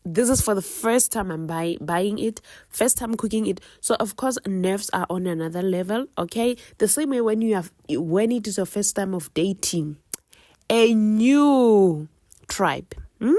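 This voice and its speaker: A woman's voice: mid-range voice, normal speed, few pauses, a little mellow, no room sound, clean studio sound. Chatty South African woman cooking at home. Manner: chatty, teasing, preachy asides to viewers. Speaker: cooking vlogger. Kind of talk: casual cooking vlog chat.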